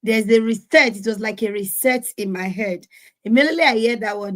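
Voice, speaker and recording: A woman's voice: a little high, brisk. Earnest woman telling a parenting story. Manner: earnest, animated, acts out quotes. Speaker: conference speaker. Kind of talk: sharing personal parenting story. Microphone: video call.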